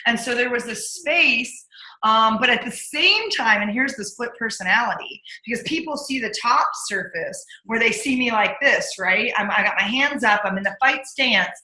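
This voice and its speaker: Woman, bright forceful voice, energetic punchy storyteller, echoey room. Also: on the high side, normal speed. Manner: energetic, punchy, acts out her inner voice. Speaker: podcast guest, accountability coach. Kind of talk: candid interview storytelling.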